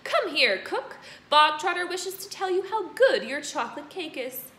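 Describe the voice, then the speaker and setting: A woman voicing a cruel, tyrannical headmistress who booms and hurls insults. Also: expressive, a little slow, exaggerated voice. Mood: booming. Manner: booming, shouting insults. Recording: roomy echo, faint noise.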